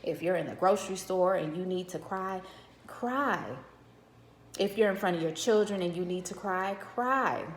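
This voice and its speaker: A woman's voice: fairly low pitch, steady tone, brisk, hardly any pauses, a little mellow, a little hiss or hum. A middle-aged woman, a widow, giving direct, earnest advice in a vlog, counting off her tips and checking in with the viewer. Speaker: widow sharing grief advice. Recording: roomy echo.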